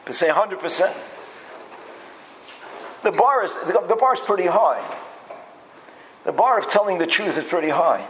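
A man's voice: high voice, animated, moderate pace, pauses often, a bit bright, a little hiss or hum, poor audio. A man giving a lecture-style Torah class, emphatic and repeating phrases as he builds his point. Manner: acts out quoted speech in changed voices. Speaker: Torah teacher.

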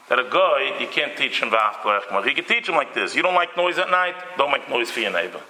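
A man giving a Torah lecture, mixing in Yiddish and Hebrew terms and acting out little scenes, sometimes with sudden loud outbursts. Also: medium pitch, reverberant, low-quality recording. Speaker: rabbi giving a Torah talk.

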